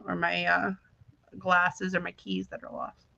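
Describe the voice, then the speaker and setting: A young woman co-hosting a casual chat, telling animated stories with frequent laughs. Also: fairly low pitch, a little slow, vocal fry, muffled recording. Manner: animated storytelling, laughs often, acts out quotes. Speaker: podcast co-host.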